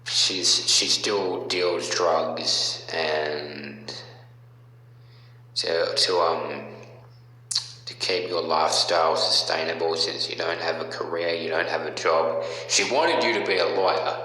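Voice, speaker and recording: A man talking in a casual, mocking rant, halting with many fillers and restarts. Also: very deep voice, steady tone, bright, forceful tone. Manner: mocking, taunting. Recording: very echoey room with long reverb and faint hum.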